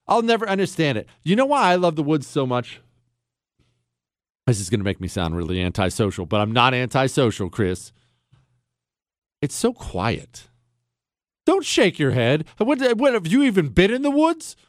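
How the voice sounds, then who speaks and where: A man's voice: a little high, sing-song, normal speed, pauses often, no echo, clean studio sound. A man from the Pittsburgh area with a Pittsburgh accent, hosting a radio talk show in a sarcastic, joking way. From Ohio, near Pittsburgh.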